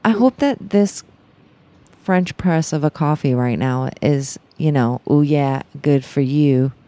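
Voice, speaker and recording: A young woman co-hosting a casual podcast, teasing and laughing along in a relaxed way. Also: sits low, takes it slowly. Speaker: podcast co-host. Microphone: talking close into a mic.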